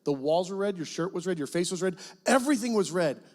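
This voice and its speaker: A middle-aged guest pastor telling a personal testimony in a church, animated storytelling that breaks into loud cries as he acts out prayers. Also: high-pitched, quick pace. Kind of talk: sermon testimony. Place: church sanctuary.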